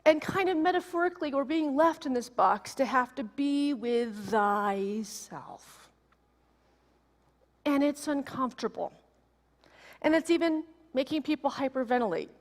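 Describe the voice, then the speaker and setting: A woman minister in her forties giving a sermon, telling a personal story in an animated, emotional way. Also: high voice, measured pace. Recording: long reverb of a large hall.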